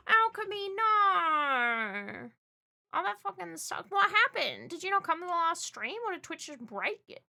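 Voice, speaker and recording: A woman streamer chatting casually and reading out chat, excitable and loud, swearing often. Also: very high-pitched, fairly quick, gravelly, few pauses. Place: Brisbane.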